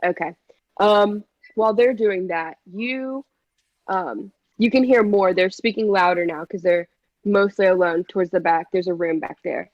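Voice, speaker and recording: A woman's voice: medium pitch, measured pace, no room sound, dull audio. A woman acting as game master, narrating a tabletop game with many hesitant fillers.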